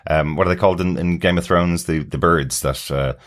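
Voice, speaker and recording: Very deep-voiced man hosting a podcast. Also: steady tone. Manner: explanatory, rambling, fills pauses with "um" and "uh". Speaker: podcast host. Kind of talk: casual chat.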